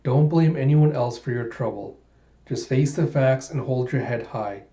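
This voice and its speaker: A man voicing a gentle young woman who consoles softly in a soothing, slightly hushed voice. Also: mid-range voice, moderate pace, close to an everyday voice. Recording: roomy, dull home recording.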